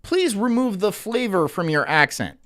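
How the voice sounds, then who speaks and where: A man's voice: high-pitched, big pitch swings, normal speed, fairly bright tone. Crude, mocking man streaming. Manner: crude, mocking, rambling asides. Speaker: streamer reacting to clips. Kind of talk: casual live-stream commentary.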